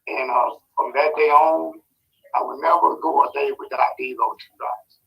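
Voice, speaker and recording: Man, gravelly caller, halting testimonial, far off and muffled. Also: on the high side, fairly even intonation, bright, forceful tone. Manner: halting, with fillers. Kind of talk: casual testimonial. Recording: distant, muffled call audio.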